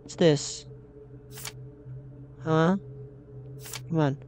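A high-voiced young man narrates his own horror game run in an unhurried drawl. He is jumpy and easily startled, and talks to himself and his viewers as he plays. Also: steady tone, darkish tone, a little hiss or hum. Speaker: gaming channel host. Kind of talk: horror game let's play commentary.

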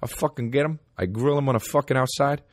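A man voicing a loud, pushy New York guy with a New York accent who swears constantly. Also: mid-range voice, fast talker, no room sound, clean studio sound, voice pushed up, natural voice. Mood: brash. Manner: brash, swearing, insistent.

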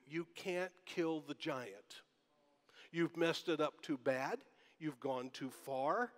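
A man preaching a sermon as pastor, talking in a conversational way and asking the congregation rhetorical questions. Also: high-pitched. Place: church sanctuary. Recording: long church hall reverb.

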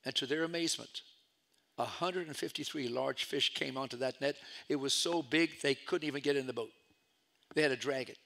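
A middle-aged man preaching a storytelling sermon as pastor, swinging from loud calls to hushed asides. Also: on the high side, creaky.

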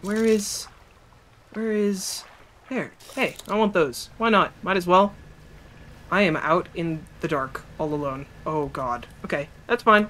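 A streamer giving excitable, chatty live gameplay commentary, talking to chat and reading game text aloud. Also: mid-range voice, measured pace.

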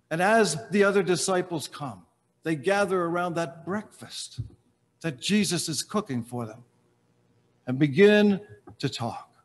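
A man preaching slowly in a large church, his voice carried by a long reverb. He sits a little high for a man and tells the story with long dramatic pauses, often letting phrases fall away to a hush. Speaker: pastor. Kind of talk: sermon.

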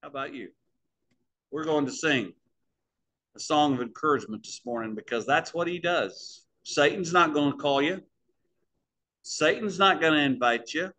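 A man's voice: a little high, normal speed, long pauses, pushed and bright. A man preaching the close of a sermon in a small church, in a folksy storytelling way that speaks to the congregation as folks.

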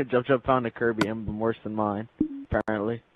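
A man's voice: fairly low pitch, little pitch movement, moderate pace, noisy background. A young man chatting as a friend in a gaming session, joking and laughing often, heard over a tinny party-chat line. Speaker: co-player friend. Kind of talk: casual chat while playing a game.

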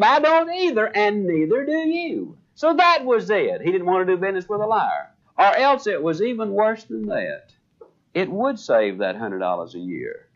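Older sales trainer, lively high-pitched delivery, acts out the dialogue in his anecdotes, muffled lo-fi recording. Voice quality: animated storyteller voicing dialogue. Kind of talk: motivational speech. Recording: dull lo-fi speech recording.

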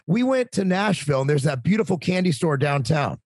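Brief: talkative man in his forties, a bit high-pitched, husky, dry close sound, casual stories. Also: a little fast, no room sound. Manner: talkative, animated, swearing. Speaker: podcast guest. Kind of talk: casual storytelling.

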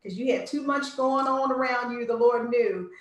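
A high-voiced woman hosts a live stream over a video call. Her voice sounds far from the mic and very echoey. She speaks sympathetically and often mentions faith. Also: normal speed, dull audio. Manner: sympathetic, speaks of God and prayer. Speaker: host of an online talk show.

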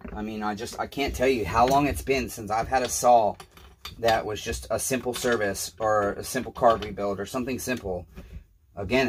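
A low-voiced man talks to the camera while he works on a repair, tired and overwhelmed, muttering and swearing under his breath. His casual vlog talk carries plain frustration. Workshop noise and clicking tools sit clearly behind him. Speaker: small-engine repairman.

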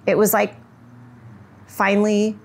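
A middle-aged woman telling her personal story in an interview, soft-spoken and reflective, with frequent fillers. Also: mid-range voice, monotone, takes it slowly.

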